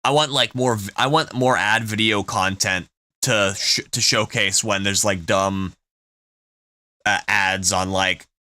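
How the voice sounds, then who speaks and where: Bright-voiced young man hosting a stream. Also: fairly low pitch, steady tone, no room sound. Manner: halting, many restarts and fillers. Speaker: livestream radio host. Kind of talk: casual livestream chat.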